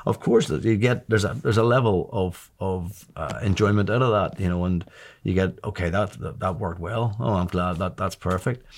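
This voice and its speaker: A man's voice: low-pitched, moderate pace, a little hiss or hum. A man in his sixties telling a long anecdote in a chatty way, laughing and often restarting his sentences. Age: 60s. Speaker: interview guest. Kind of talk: casual storytelling.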